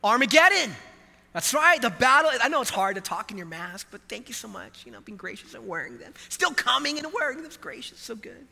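A man preaching a sermon as pastor to a live congregation, animated and emphatic, quizzing the church. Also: sits high, fast talker, gravelly, few pauses, in a large hall.

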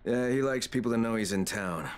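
A man's voice: medium pitch, fairly quick, clear, resonant tone, close to an everyday voice. An actor playing a determined male agent who talks in an earnest, urgent way.

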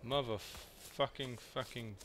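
A man's voice: mid-range voice, steady tone, slow, fairly bright tone, a little hiss or hum. A man, casually muttering commentary over his gameplay and swearing freely. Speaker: gaming video creator.

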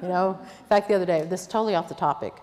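A woman's voice: on the low side, very fast, darkish tone. Older woman, sermon, plain-spoken, earnest, long hall reverb, stage mic. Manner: earnest, plain-spoken teaching with quoted asides. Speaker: conference speaker. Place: church conference hall.

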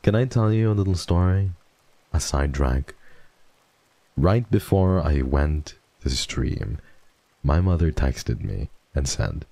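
A young man chatting on a live stream, his low, slow voice full of gravelly fry. He sounds mock-emo and swears freely, mumbling one moment and squealing with excitement the next. The sound is dry and close, with a dark tone. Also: no echo. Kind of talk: casual live-stream chat.

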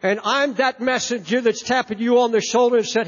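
High-voiced impassioned male preacher in a hall. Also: fairly even intonation, a little fast, few pauses. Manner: impassioned, emphatic, repeats words. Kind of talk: sermon. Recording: echoey hall, dull lo-fi sound.

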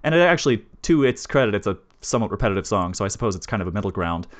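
A man's voice: fairly low pitch, lively intonation, very fast. A man running a tabletop horror game, chatting casually and rambling with lots of fillers and restarts. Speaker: game master. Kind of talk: casual pre-show chat.

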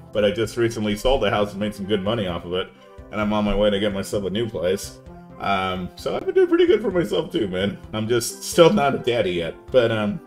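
A young man with a fairly low voice chats casually on a live gaming stream. He's laid-back, says "man" a lot, and yells at the game every so often.

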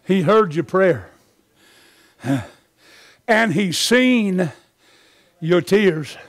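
A pastor preaching with fire, his voice sitting high and rising to shouts at the peaks. He is out of breath and draws his congregation into call-and-response, taking his time over each line. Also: expressive, extremely slow. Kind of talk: sermon.

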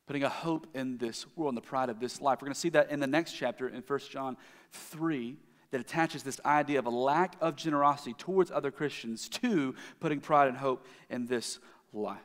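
A man giving a sermon as the pastor, telling a story in a conversational way with frequent restarts. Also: medium pitch. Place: church sanctuary. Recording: long hall reverb.

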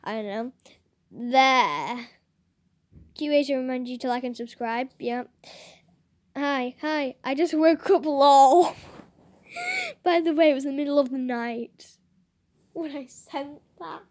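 Host reading chat messages; female, unhurried, giggly, dry close sound. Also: high-pitched, big pitch swings, dry recording. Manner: giggly, chatty read-aloud with bursts of laughter. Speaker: channel host.

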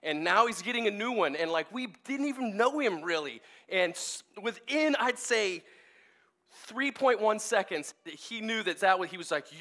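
Male pastor, 40s, high-pitched, casual storytelling sermon. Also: moderate pace. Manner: casual, animated, many fillers and restarts. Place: church service.

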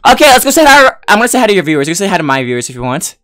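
A man hosting a casual gaming livestream on a headset mic, excitable and swearing, flipping between mock rage and cheerful chat. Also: high-pitched, racing. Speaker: streamer host.

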